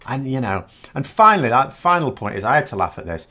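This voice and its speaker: A British man talks through political commentary with a scornful, sarcastic edge. His pitch swings in a lively, animated way as he leans hard on his points. His voice sits in a mid register. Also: quick pace.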